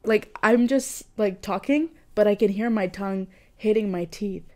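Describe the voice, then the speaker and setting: Her mid-range, darkish voice moves at a moderate pace as she vlogs casually from home. The young woman is trying out a new condenser mic, chatty and amused with herself, talking to the gear.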